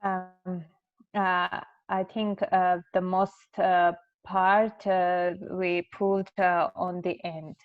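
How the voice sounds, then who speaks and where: A woman's voice: lowish voice, little pitch movement, drawn-out words. Hesitant woman on a muffled call. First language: Armenian. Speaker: student in the audience. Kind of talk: hesitant answer. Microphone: video call.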